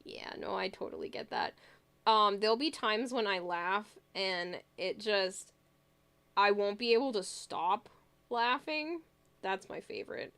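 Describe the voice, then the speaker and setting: This woman's mid-range voice has a slightly bright quality. She's a streamer chatting casually with her viewers, giggling through funny family stories, laughing often, and reading their comments out loud.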